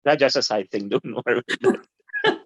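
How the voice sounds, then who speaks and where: A middle-aged man, a guest telling his story in an animated, informal way and laughing easily. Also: mid-range voice, fairly quick, dry recording. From Guyana. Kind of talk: casual interview storytelling. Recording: dull lo-fi, dry.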